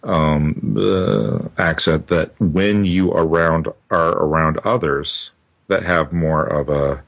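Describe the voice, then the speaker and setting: A man's voice: very deep voice, fairly even intonation, takes it slowly, creaky. A man with a Midwestern American accent, hosting a casual podcast chat and rambling with many fillers. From Midwestern US, Minnesota. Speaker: podcast host.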